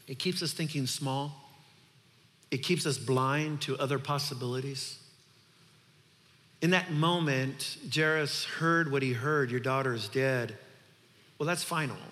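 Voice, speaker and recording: A man's voice: mid-range voice, fairly bright tone, long reverb tail. A male pastor preaching a sermon in an earnest, conversational way, building to emphatic points.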